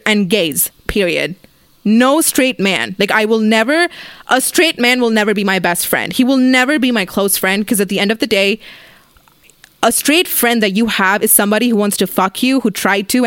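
A woman's voice: mid-range voice, a bit bright, dry recording. A young woman hosting her own podcast, telling a blunt, profane storytime rant full of "like" fillers and acted-out friends' lines. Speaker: podcast host.

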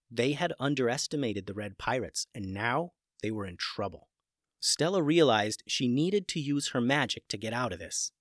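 A podcast storyteller narrating a children's adventure in an expressive read-aloud. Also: medium pitch, dry recording, clean studio sound.

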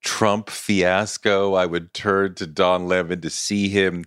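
A man's voice: sits low, flat delivery, slow pace, a bit bright, clean tone, no echo. Earnest podcast host man, dry sound. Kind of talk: scripted introduction and interviewing.

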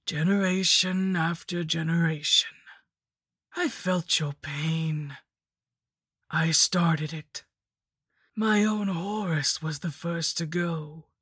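A woman voicing a rotting, ancient female lich in a whispered role-play, with a slow, mocking, wheezing whisper. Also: low voice, fairly even intonation, fairly bright tone, husky, no echo, studio quality, heavily acted. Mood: menacing. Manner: slow, sing-song and mocking.

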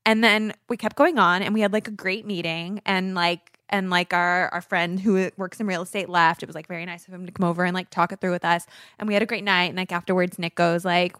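A woman's voice: on the low side, steady tone, quick pace, a bit bright, no room sound, clean studio sound. A woman in her thirties, a podcast co-host, telling a long personal story in casual chat, full of fillers and acted-out quotes.

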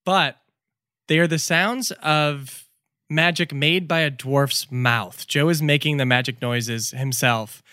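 Soft-spoken man narrating as game master. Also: a little high, dry recording, studio quality. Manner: soft, measured narration with fillers.

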